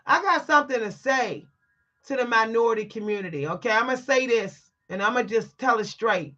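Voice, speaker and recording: A woman's voice: fairly high pitch, lively intonation, normal speed, pushed and bright, lo-fi sound. A woman telling a story to her viewers in a blunt, emphatic, preachy way, stressing her words. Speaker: vlogger. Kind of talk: candid storytime monologue to viewers.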